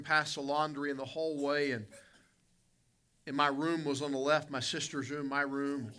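Bright-voiced preacher telling a story. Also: male voice, a little high, level tone, moderate pace, clear, resonant tone. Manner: folksy storytelling, calls out to people in the congregation. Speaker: pastor. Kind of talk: preaching a sermon with a personal story.

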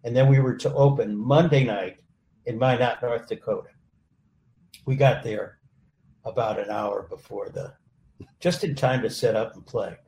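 A male host and musician sharing a story in casual conversation, halting and full of pauses. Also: mid-range voice, vocal fry. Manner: relaxed, halting, with many "uh" pauses. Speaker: host, also a touring musician. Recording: roomy sound with faint background noise.

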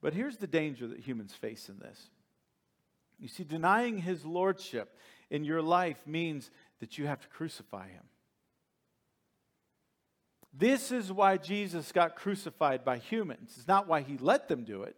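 Preacher with a higher man's voice. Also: sing-song, measured pace. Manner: dramatic scripture reading, swings from hushed to emphatic. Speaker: pastor. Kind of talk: sermon.

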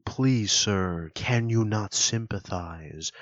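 A man voicing a fast-food customer who talks in stilted, drawn-out, old-fashioned theatrical diction, on a dull lo-fi recording. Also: on the low side, no room sound. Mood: pleading. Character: fast-food customer ordering in mock-Shakespearean style.

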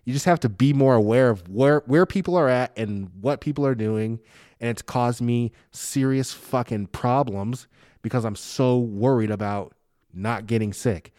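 A man in casual chat who swears constantly and tells animated stories about being a father, often stammering and restarting. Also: mid-range voice, moderate pace, no room sound, clean studio sound. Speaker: guest telling personal stories; father of a young daughter.

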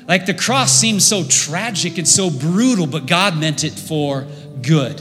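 A man preaching a sermon as pastor, impassioned, building to loud emphatic peaks. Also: on the high side, lively intonation, a little slow. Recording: long reverb with faint music.

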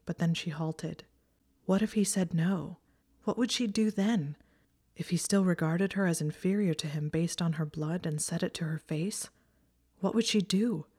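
Low-voiced woman reading a story. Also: darkish tone. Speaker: narrator. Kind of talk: audiobook narration of fan fiction.

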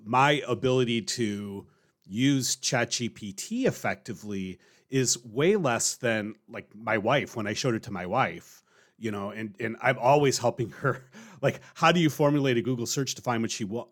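A man hosts an interview podcast and talks in a relaxed, casual way. His voice sits at an ordinary middle pitch. He shares his own experiences plainly. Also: moderate pace. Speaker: podcast host. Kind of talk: conversational interview.

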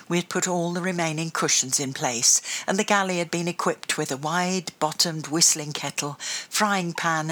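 A woman's voice: low-pitched, pushed and bright. A woman reading a children's adventure storybook aloud, telling it expressively. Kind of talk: storybook narration.

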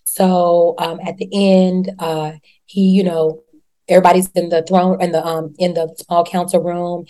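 A woman hosting a casual chat, recapping a TV show in a slangy, profane, animated way and acting out the characters. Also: fairly low pitch, a little slow.

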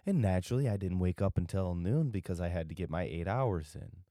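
Drowsy deep-voiced man rambling. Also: lively intonation, a little fast, warm tone, no room sound, clean studio sound. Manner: drowsy, meandering, loses his train of thought. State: tired. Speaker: podcast host. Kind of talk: rambling solo podcast chat.

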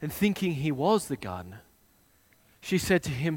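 A man preaching a sermon, retelling a scene with dramatic swings between hushed and loud delivery. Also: fairly high pitch, sing-song, moderate pace.

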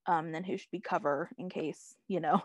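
Speaking at a normal speed in a lowish, steady voice, this young woman is a podcast co-host chatting casually about a TV episode. She rambles, leans heavily on "like" and "um," and laughs frequently, with no room sound in the recording.

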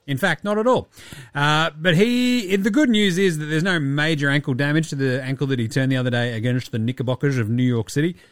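A man's voice: fairly high pitch, fairly quick, no room sound, studio quality, faint music behind. An Australian man hosting a basketball podcast, rambling through casual chat with sarcasm and plenty of swearing. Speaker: podcast host.

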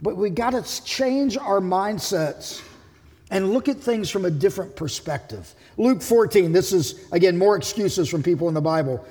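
A man's voice: high-pitched, lively intonation, moderate pace, darkish tone, big-room sound. A man preaching a sermon as pastor, emphatic, voicing the figures of the passage he reads.

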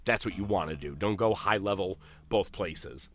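A man's voice: low-pitched, normal speed, a bit bright, a little hiss or hum. A man hosting a podcast in casual chat, telling long, rambling stories with plenty of swearing. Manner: profane, rambling storyteller. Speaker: podcast host.

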